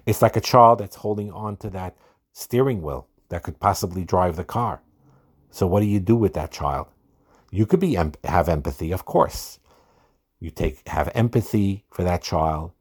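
Low-pitched male podcast host, earnest and unscripted, repeats as he goes. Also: animated, normal speed, a little mellow, slightly rough. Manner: earnest, repeats words when starting a thought. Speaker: podcast host giving marriage advice. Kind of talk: solo podcast talk.

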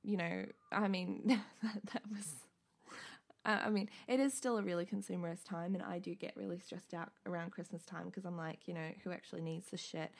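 A woman's voice: on the low side, fairly even intonation, brisk. A young woman co-hosting a casual chat podcast, chatty and swearing freely as she retells stories. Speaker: podcast co-host.

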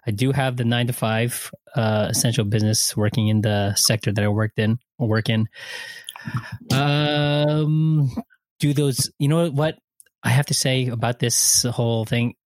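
A man's voice: mid-range voice, steady tone, a little mellow, no room sound. A man chatting casually on a podcast, joking and rambling as he talks. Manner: joking, quick to laugh, rambling. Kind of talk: casual chat. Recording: dry close sound.

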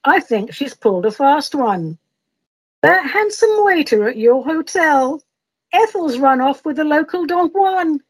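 A woman's voice: sits high, lively intonation, unhurried, pitched above the performer's own voice, rough recording. A woman voicing a kindly old male medium who speaks in soothing, sweet tones.

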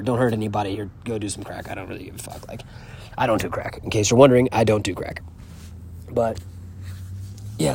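A man's voice: mid-range voice, darkish tone, a little hiss or hum. A man talking in a casual, rambling and profane vlog monologue, recorded outdoors on a horse farm. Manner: rambling, profane, candid storytelling. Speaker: travel vlogger.

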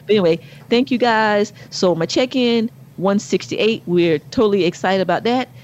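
Animated middle-aged woman co-host, lo-fi. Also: moderate pace. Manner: animated storyteller, rises to high exclaims. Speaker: podcast co-host. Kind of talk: casual chat.

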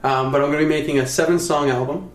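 Easygoing musician guest in echoey room. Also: male voice, on the high side, fairly even intonation, fast. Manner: easygoing, hesitant, with many fillers. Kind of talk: casual interview. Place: apartment living room.

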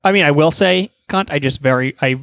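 A man's voice: fairly high pitch, fairly quick, gravelly, a bit bright, no echo, clean studio sound. A man co-hosting a podcast in casual chat, talking crudely with lots of swearing and laughs. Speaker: podcast co-host.

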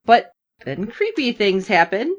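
A woman's voice: measured pace, highs cut off. A woman co-hosting a casual chat, retelling a TV episode and acting out the characters' lines. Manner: animated, acts out characters' lines with big pitch jumps. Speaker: podcast co-host recapping a TV episode.

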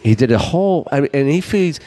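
Middle-aged male co-host, rambling storyteller, laughs easily, mid-pitched voice. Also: expressive, fairly quick, dark tone. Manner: rambling storyteller, acts out quotes, laughs often. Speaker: podcast co-host. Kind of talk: casual chat.

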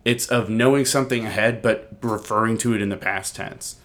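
A man's voice: on the low side, fairly even intonation, fairly quick, a bit bright. Joking, swearing young man hosting casually. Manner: loose, joking, swears freely. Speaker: podcast host. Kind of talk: casual chat.

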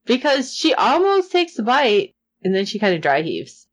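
A woman chats about a show with a very lively, swooping voice, jumping high when she acts out characters' shocked reactions. She talks casually, full of quick asides and fillers. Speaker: podcast co-host recapping a series. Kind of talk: casual chat.

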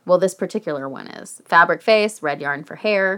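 Gravelly-voiced woman telling a ghost story. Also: medium pitch, takes it slowly. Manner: chatty, animated, swears, laughs often. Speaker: podcast co-host telling a true paranormal story. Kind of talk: casual storytelling chat.

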